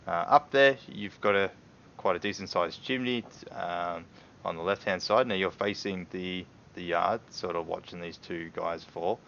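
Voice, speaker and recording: A man with a very low voice narrates a tabletop game as its game master. He hesitates and rambles, circling back with fillers. The stream audio is dull and lo-fi. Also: unhurried, creaky, a bit bright, a little hiss or hum.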